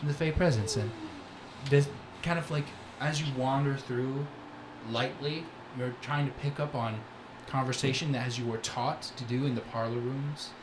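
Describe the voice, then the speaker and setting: A man's voice: mid-range voice, fairly even intonation, moderate pace. A man narrating as game master, rambling with many "like"s and "kind of"s. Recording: echoey room with background noise.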